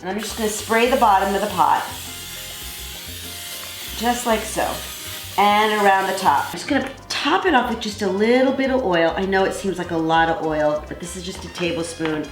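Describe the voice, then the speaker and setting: An enthusiastic woman chef walks through a recipe in a kitchen, gushing over every step. Her voice carries an echoey ring from the room. Music plays clearly behind her. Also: mid-range voice, normal speed. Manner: effusive, enthusiastic, chatty. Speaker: cooking show host. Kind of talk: cooking demonstration.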